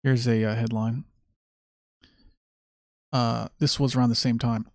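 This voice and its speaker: A man's voice: medium pitch, animated, unhurried, creaky, a little mellow, no room sound, studio quality. A man hosting a podcast monologue, talking in a sardonic, mocking way. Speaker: podcast host. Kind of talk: monologue commentary.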